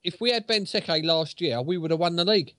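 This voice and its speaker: A man's voice: fairly high pitch, brisk, fairly bright tone, no echo. A man on a football podcast call, blunt and ranting with heavy swearing. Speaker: podcast guest. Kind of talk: casual chat on a call.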